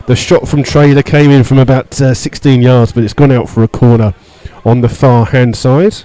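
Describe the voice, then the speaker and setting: A man giving live radio football commentary from the stand, steady play-by-play with many fillers, rising sharply when he disputes a call. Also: mid-range voice, moderate pace, rough recording. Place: stadium stand among fans.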